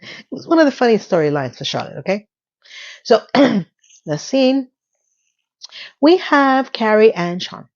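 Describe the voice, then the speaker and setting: A woman recapping an episode in a casual, animated way, retelling scenes with quoted lines. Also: a little high, unhurried, pauses often, highs cut off. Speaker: recap vlogger.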